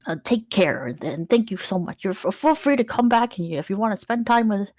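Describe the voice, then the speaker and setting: A man's voice: high voice, expressive, a little fast, no room sound, clean studio sound. A woman doing a fussing old farmer uncle. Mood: doting. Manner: warm, doting, exclamatory. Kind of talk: tabletop role-play voice.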